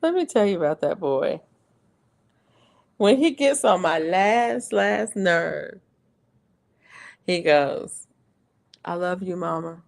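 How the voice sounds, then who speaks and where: A woman's voice: medium pitch, very animated, slow, vocal fry, long pauses. A middle-aged woman hosting a casual livestream, chatting and laughing often as she reads viewer comments aloud. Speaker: livestream host. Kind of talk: casual live-stream chat.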